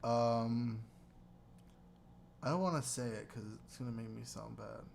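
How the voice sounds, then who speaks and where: A man's voice: medium pitch, a little slow, gravelly, darkish tone, slight background noise. A man co-hosting a casual podcast chat, rambling and joking with frequent laughter, talking into a computer mic. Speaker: podcast co-host. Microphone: computer mic with webcam.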